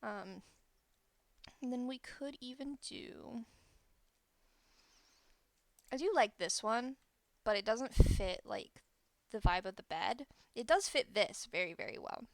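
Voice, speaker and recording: A woman's voice: fairly high pitch, animated, slow, long pauses, dry recording. A woman streamer chatting casually and thinking aloud as she builds in a game, correcting herself as she goes, close to the microphone. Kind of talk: casual gameplay commentary.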